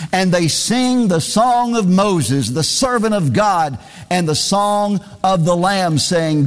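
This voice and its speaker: Male preacher, emphatic and repetitive delivery, somewhat high-pitched, recorded in a big echoing church. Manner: emphatic, repeats key phrases. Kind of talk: sermon.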